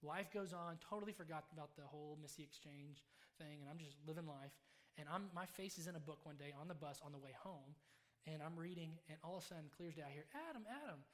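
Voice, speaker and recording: Man, preacher, quick delivery, slightly high voice, animated storytelling sermon. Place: room with a live congregation.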